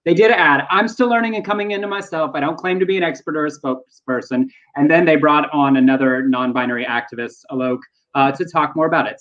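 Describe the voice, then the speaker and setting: A man's voice: medium pitch, fairly bright tone, dull audio. A man with a Southern US accent, co-hosting and producing a casual news podcast, talking in a wry, joking way.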